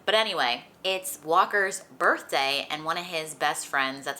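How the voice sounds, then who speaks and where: A woman's voice: low voice, expressive, a little slow, few pauses, bright, forceful tone, a little hiss or hum. A young woman who is feeling sick, chatting casually about books as a vlogger, full of "like" and light laughs. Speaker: book vlogger. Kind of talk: casual chat.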